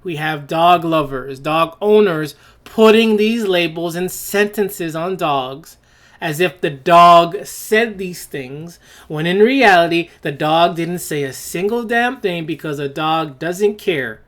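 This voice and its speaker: A man's voice: fairly high pitch, slow pace, fairly bright tone. A man hosting a solo opinion podcast, blunt and scornful, firing rhetorical questions and restarting his phrases as he goes. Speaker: podcast host. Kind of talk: opinion monologue.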